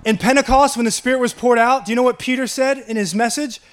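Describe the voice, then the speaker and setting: A man's voice: extremely high pitch, fairly even intonation, quick pace. A man with a Long Island accent preaching a sermon, reading scripture aloud and chuckling between his points. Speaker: pastor.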